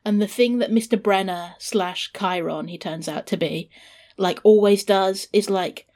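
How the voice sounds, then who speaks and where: A woman's voice: medium pitch, measured pace, darkish tone. Enthusiastic woman discussing a book.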